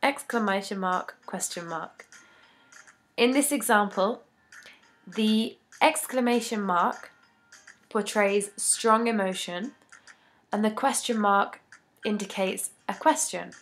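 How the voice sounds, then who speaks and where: Taking her time, a female English teacher works through a grammar lesson, reading rules and examples deliberately in a mid-pitched voice with a slightly bright quality.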